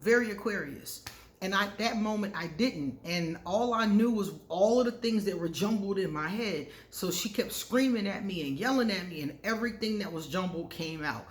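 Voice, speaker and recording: Woman, astrology vlog host, candid personal storytelling, mid pitch, roomy echo. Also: normal speed. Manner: candid, personal, laughs often at own stories. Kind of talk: casual storytelling to camera. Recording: echoey room.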